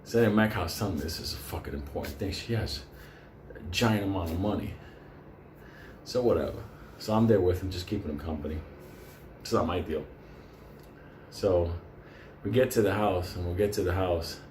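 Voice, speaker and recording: Man, casual storyteller, swears a lot, laughs between lines, somewhat low voice, roomy echo. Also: a little fast, long pauses, a little mellow. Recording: roomy with faint background noise.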